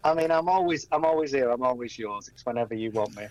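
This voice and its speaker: A man's voice: mid-range voice, quick pace, darkish tone, dry recording, muffled recording. A man who is a regular guest on a radio show, chatting casually and telling anecdotes.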